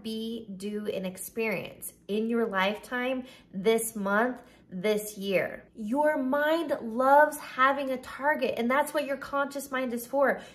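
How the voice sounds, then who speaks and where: A woman's voice: a little high, fairly bright tone. A woman in her thirties, a life coach, giving an emphatic motivational talk straight to the viewer, listing words one after another. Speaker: life coach and podcast host. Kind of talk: motivational video talk to camera.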